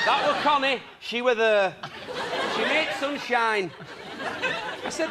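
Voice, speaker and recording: A man spins comic anecdotes, pitching his voice very high and flipping into voices for his characters. A big studio audience roars with laughter around him. The recording carries heavy background noise. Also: unhurried, long pauses, a loud crowd. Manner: animated storytelling, mimics voices, laughs often. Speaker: comedian guest. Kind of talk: chat show anecdotes.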